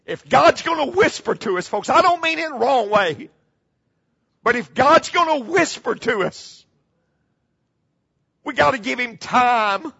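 On a muffled, slightly lo-fi recording, a middle-aged man preaches a dramatic sermon in an animated but unhurried way, with long pauses. His voice is high, bright, gravelly and husky, and he repeats key phrases before falling to hushed tones.

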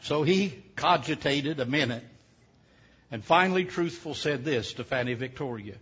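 A man's voice: mid-range voice, animated, normal speed, fairly bright tone, a little hiss or hum. A man preaching a sermon, telling a folksy, humorous story with many hesitations. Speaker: pastor. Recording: dull lo-fi sound.

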